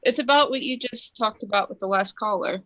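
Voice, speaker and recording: A woman from Kentucky, calling in to a talk show, telling a personal story in an excited, tumbling way with many fillers. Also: fairly high pitch, fairly quick. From Kentucky, USA. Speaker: caller. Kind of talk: call-in sharing a personal story.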